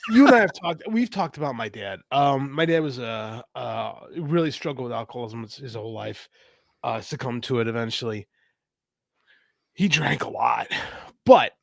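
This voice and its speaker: A man's voice: medium pitch, gravelly, dry recording, studio quality. Man bantering bluntly on a podcast. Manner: blunt, wry, profane banter. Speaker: podcast co-host. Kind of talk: casual chat.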